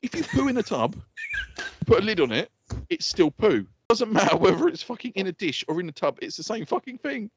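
A man's voice: high-pitched, sing-song, brisk, husky. A man co-hosting a podcast, ranting in mock anger and swearing constantly in casual banter. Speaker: podcast co-host.

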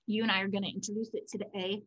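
A female podcast co-host explains ideas in a chatty, animated storytelling style, slipping into quoted voices. Her mid-range voice moves at a quick pace and sounds slightly rough, recorded without echo and with the highs cut off.

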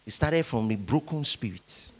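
Preaching at a moderate pace in a medium-pitched voice, a male pastor animatedly leads his congregation through call-and-response as they echo his lines.

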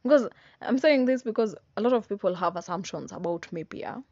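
A woman's voice: mid-range voice, lively intonation, a little fast, a little mellow, dry recording. A young woman in her twenties with a Kenyan accent, giving a casual motivational monologue, emphatic and repetitive, with slang and tag questions. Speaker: vlogger. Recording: dry, slightly dull sound.

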